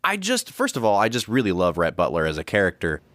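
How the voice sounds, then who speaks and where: Low-voiced guy breaking down a movie, lively up-and-down delivery, dry close mic. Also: fast talker, dry recording. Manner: thoughtful, analytical, building arguments. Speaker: podcast co-host. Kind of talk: casual film discussion.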